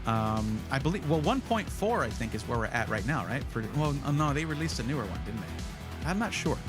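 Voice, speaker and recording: A man's voice: medium pitch, very animated, brisk, over music. A man hosting a casual livestream, chatty and rambling, often correcting himself as he talks. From United States. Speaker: livestream host.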